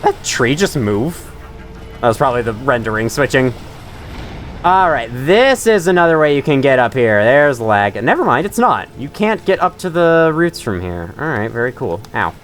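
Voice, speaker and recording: A man's voice: mid-range voice, very animated, moderate pace, a bit bright, slight background noise. A man chatting through his own gameplay as host of a let's play, joking and often laughing. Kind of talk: gaming commentary.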